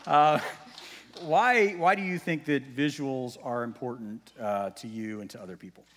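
A man's voice: mid-range voice, normal speed, fairly bright tone, a little hiss or hum. Folksy pastor man in an echoing church. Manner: conversational, folksy preaching with asides. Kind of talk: sermon. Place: church sanctuary. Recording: long reverb of a church hall.

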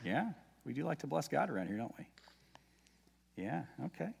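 A man's voice: a little high, big pitch swings, normal speed, gravelly, breathy edge. A male pastor giving a sermon in a conversational, folksy way, with casual asides to the congregation. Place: church sanctuary. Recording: long reverb of a church hall.

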